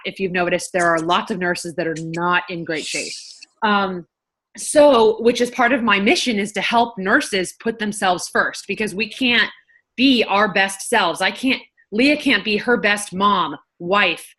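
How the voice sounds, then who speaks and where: A woman's voice: mid-range voice, pushed and bright. A woman who works as a nurse and health coach, talking frankly and chattily to her viewers, with the odd casual swear. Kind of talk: casual talk to camera.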